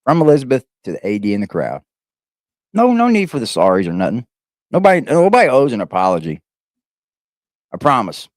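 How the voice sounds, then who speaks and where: A man's voice: mid-range voice, huge pitch swings, a little fast, pauses often, no echo, studio quality. Rambling, emphatic livestream host man. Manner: rambling, repetitive, emphatic with swearing. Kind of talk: casual livestream commentary.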